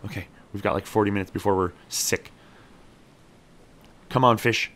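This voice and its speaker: A man's voice: fairly low pitch, steady tone, normal speed, a bit bright. A man playing a survival game and chatting through it, talking to his character and cheering on each catch. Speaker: gameplay streamer. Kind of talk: casual let's-play commentary.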